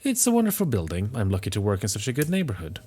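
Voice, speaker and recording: A man's voice: fairly low pitch, huge pitch swings, fast, mellow, slightly rough, full character voice. A man playing a prim, polite concierge. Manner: formal, polite, slightly smug. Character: prim, overly polite male building concierge.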